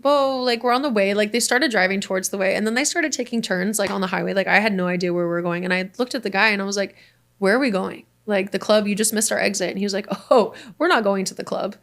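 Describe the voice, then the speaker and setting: A young woman tells a story to a podcast host, animated and quick to act out the voices of the people in it. Her voice sits at an ordinary middle pitch for a woman, and she talks casually, as if to a friend. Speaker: guest.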